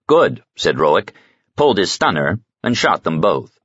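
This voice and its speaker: Low, husky man reading fiction, lively delivery, dry dull recording. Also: unhurried, no room sound. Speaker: audiobook narrator. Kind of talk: scripted narration.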